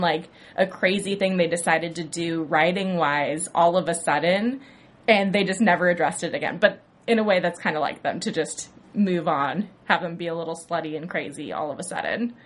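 A woman's voice: fairly low pitch, normal speed. A young woman hosting an aftershow, recapping an episode in a chatty way, full of "like" and "you know".

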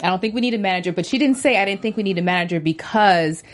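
A woman's voice: medium pitch, racing. A woman co-hosting a casual talk show, laughing often, reading out viewer comments and mimicking cast members. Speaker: podcast co-host. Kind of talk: casual chat about a reality show.

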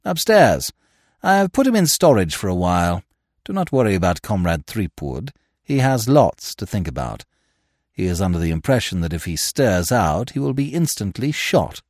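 A man voicing an unflappable young gentleman who speaks in a languid, elaborately polite way. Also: fairly low pitch, big pitch swings, moderate pace, dry recording, clean studio sound. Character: suave young man, unflappable, verbose, whimsical.

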